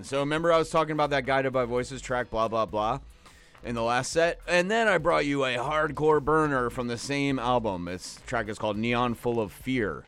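A man's voice: medium pitch, fairly bright tone. A man hosting a radio show, talking casually and loosely about the records he just played, drifting into jokey asides. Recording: faint music behind the voice.

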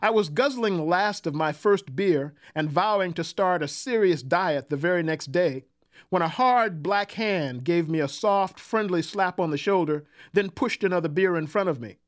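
A man telling a first-person literary story in a measured, reflective manner. His voice sits fairly high for a man, and his delivery has a wry, thoughtful edge.

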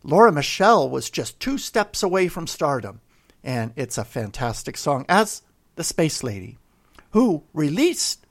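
A man working as a radio DJ, talking about records in a rambling, enthusiastic way from a studio. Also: medium pitch. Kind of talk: casual radio music commentary.

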